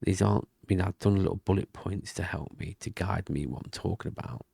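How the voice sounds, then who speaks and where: Keeping quiet because of the thin walls, a vlogger rambles softly through his diary entry at his desk, often in a half-whisper. His voice is deep, gravelly and husky, his pace brisk, and the desk mic and webcam give a dry, close sound with no room around it.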